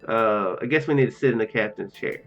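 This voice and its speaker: Reading a text adventure aloud, this man speaks briskly in a lowish, creaky, fairly bright voice. His casual let's play mixes restarts, jokey asides and easy laughter, captured in a muffled, dull recording with faint game music underneath.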